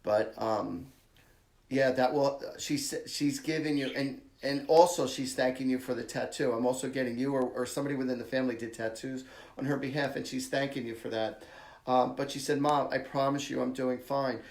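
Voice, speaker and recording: A man's voice: medium pitch, fairly even intonation, fairly quick, a little mellow. A man hosting a live-stream psychic reading for viewers, talking in a casual, blunt, chatty way. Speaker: psychic medium host. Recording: echoey room.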